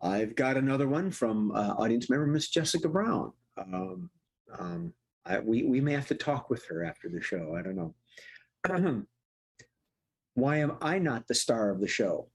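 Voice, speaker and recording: Chatty husky-voiced man hosting. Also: mid-range voice, big pitch swings, measured pace, poor audio. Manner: chatty, laughs often, stumbles over words. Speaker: improv show host. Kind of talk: hosting improv comedy.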